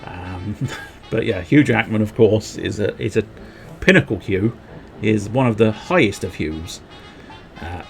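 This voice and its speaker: A man's voice: fairly low pitch, lively intonation, soft background music. A young man streaming a video game, rambling, joking and reading game text aloud. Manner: rambling, jokey, slow-paced, drifts between reading game text and wordplay. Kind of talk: casual gameplay commentary.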